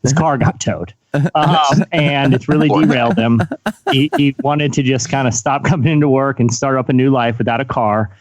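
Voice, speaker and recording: A man's voice: medium pitch, moderate pace, dry recording. A man hosting a casual podcast, teasing a colleague and asking a guest questions. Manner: teasing, leads the conversation with questions. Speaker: podcast host.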